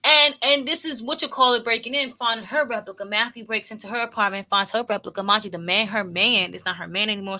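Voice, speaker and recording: A woman's voice: medium pitch, steady tone, fast talker, hardly any pauses, bright, forceful tone. Profane casual woman recapping a film. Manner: profane, repetitive, opinionated retelling. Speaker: movie commentator. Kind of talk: casual movie reaction commentary.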